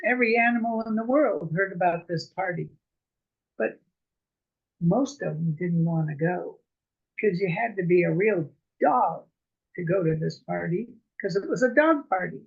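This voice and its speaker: A woman's voice: fairly low pitch, dull audio. A woman storyteller telling an animal tale over a video call, drawing out her words.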